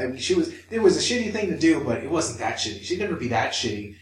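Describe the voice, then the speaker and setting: A man's voice: on the high side, animated, quick pace, few pauses, slight background noise. A man co-hosting a podcast, telling a personal story with swearing and acted-out inner voices. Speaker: podcast co-host. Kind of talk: candid podcast chat. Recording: echoey room, mic at a distance.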